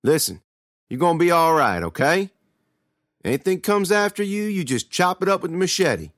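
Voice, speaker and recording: A man voicing Lee, a steady, protective teenage older brother who gives orders in drawling country speech, in a horror storybook reading. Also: sits high, moderate pace, no echo, studio quality, voice pushed up. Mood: calm, commanding.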